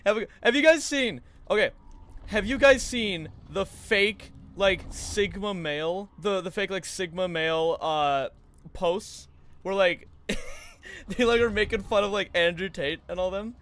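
A man's voice: high-pitched, measured pace, a bit bright. A young man chatting casually and jokingly while live-streaming a speedrun, often laughing.

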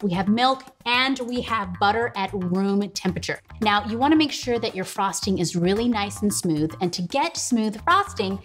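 A woman's voice: mid-range voice, animated, normal speed, few pauses, faint music behind. A woman hosting a casual cooking tutorial in her home kitchen, chatting straight to viewers and laughing often. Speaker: host.

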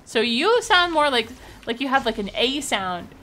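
A woman's voice: high voice, big pitch swings, normal speed, a bit bright, a little hiss or hum. Bubbly woman streaming games. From Canada. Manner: bubbly, encouraging, laughs often. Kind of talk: casual gaming chat.

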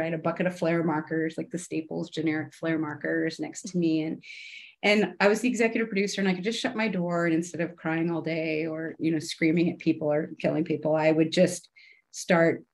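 A middle-aged woman, a former television showrunner, chatting in an interview and acting out her past dialogue in a brighter voice. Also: brisk. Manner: animated, chatty, acts out her own past dialogue in a higher voice. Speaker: podcast guest, television showrunner turned artist. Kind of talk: casual interview storytelling.

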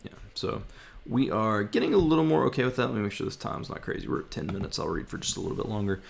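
A man vlogging his language study, thinking aloud, haltingly sounding out words and correcting himself. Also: lowish voice, sing-song, vocal fry, a little hiss or hum.

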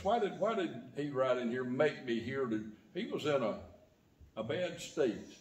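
A man's voice: expressive, a little slow. Man preaching in an echoey church. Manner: preaching with sudden rises and drops in pitch and volume. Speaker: pastor. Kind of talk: sermon. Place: church sanctuary.

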